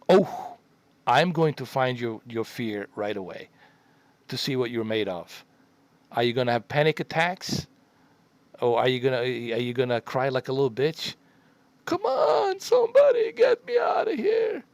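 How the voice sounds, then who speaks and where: A middle-aged man spins a story for his viewers in a casual, profane, rambling way, hammering the same points again and again. His voice sits at an everyday pitch, and the room around him sounds close and dry, with no echo. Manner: profane, rambling, emphatic, repeats himself. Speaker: streamer telling a story.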